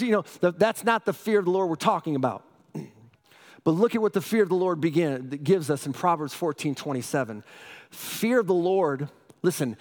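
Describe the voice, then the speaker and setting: High-ish voiced pastor guy, middle aged, preaching, keeps asking "right?". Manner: energetic, questioning the congregation, frequent "right?". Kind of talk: sermon.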